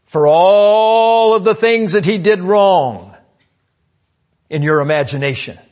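Speaking slowly, a male pastor delivers a sermon that alternates between loud emphatic declarations and quiet asides, asking the congregation "amen?"

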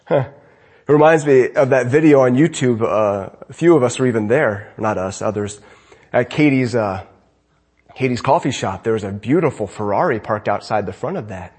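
Husky-voiced pastor with a lively delivery. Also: male voice, medium pitch, normal speed. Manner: conversational, asks the congregation rhetorical questions. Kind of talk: sermon.

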